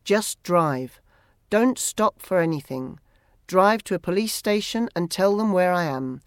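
A grave, protective father, read by an audiobook narrator who gives firm, commanding instructions. The tone is mid-pitched and heard close up with a dry sound. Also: animated, measured pace, dry recording, natural voice. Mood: serious. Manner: serious, commanding. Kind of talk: audiobook character reading.

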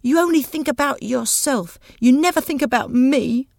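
A woman's voice: normal speed, creaky, darkish tone, no room sound, clean studio sound. A woman voicing Daisy, an angry young woman who screams at the man she loves. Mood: furious. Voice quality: shrill, screaming.

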